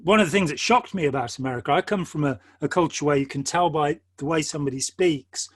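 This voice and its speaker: A man's voice: on the high side, fast, slightly rough, dry recording. An older man with an English accent, talking earnestly and at length in a discursive conversation, with many quotes and asides along the way. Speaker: host.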